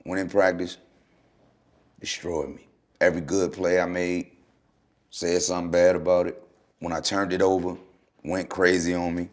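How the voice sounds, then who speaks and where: A man, a former basketball player, telling stories in a relaxed, slangy podcast chat that turns animated. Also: deep voice, moderate pace, pauses often. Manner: laid-back storytelling, loose slangy speech, animated when retelling.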